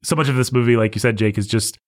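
A man's voice: mid-range voice, steady tone, fast talker, dry recording, clean studio sound. A man co-hosting a casual movie discussion, wry and sarcastic, often laughing as he talks. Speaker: podcast co-host.

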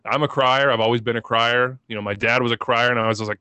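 A man co-hosting a podcast, talking about soccer in a passionate, excitable and emotional way, rambling as he goes. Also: medium pitch, fast, clean tone, no echo. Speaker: podcast co-host.

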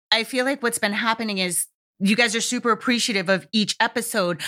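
A woman's voice: mid-range voice, fairly bright tone. A woman hosting a parenting podcast, giving frank, conversational advice with the odd swear word. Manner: frank, candid, casually profane, conversational. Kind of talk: casual advice podcast monologue.

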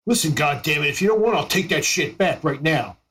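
A brash halfling musician , played by a man, boasts and curses at everyone around him. His talk is loud, blustering, and crude. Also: a little high, lively intonation, a little fast, pitched below the performer's own voice.

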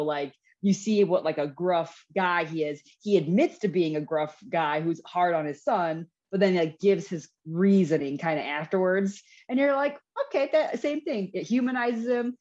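A young woman chats on a podcast, rambling with a string of "like"s. Her voice sits a little low. The recording sounds dull and lo-fi. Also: a little mellow. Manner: rambling, peppered with "like". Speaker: podcast co-host. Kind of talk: casual chat.

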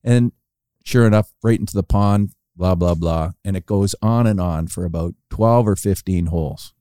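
Low, mellow man telling stories. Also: normal speed, no room sound, clean studio sound. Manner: animated storytelling, acting out quoted lines with rising pitch. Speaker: podcast guest storyteller. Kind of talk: casual anecdote telling.

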